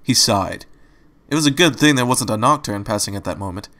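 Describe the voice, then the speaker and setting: A man's voice: lowish voice, lively intonation, brisk, bright, forceful tone. A man reading a fan-fiction story aloud, adding wry asides between passages. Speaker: story reader.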